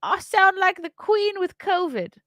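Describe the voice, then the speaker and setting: A woman's voice: very animated, fairly bright tone, dry recording, heavily acted. A woman putting on an exaggerated British accent to impersonate a posh, elderly queen. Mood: mock posh. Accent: put-on British. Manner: exaggerated, high and drawn-out.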